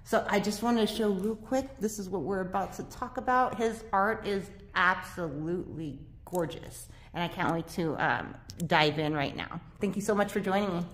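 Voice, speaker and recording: A woman's voice: mid-range voice, normal speed, hardly any pauses, a bit bright. A woman hosting a casual local talk show from a studio, chatty and bubbly, laughing often, with a slight lisp from dental aligners.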